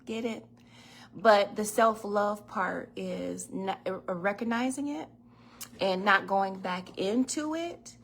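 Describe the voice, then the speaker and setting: Woman host, casual kitchen-livestream chat, slightly gravelly voice, laughs and curses freely. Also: medium pitch, slow, a little hiss or hum. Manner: chatty storyteller, laughs and swears freely. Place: home kitchen. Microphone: phone or webcam in a home kitchen.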